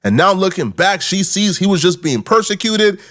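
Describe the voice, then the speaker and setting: A man's voice: high voice, very animated, normal speed, a bit bright. A man narrating commentary on an interview with a dramatic, incredulous manner.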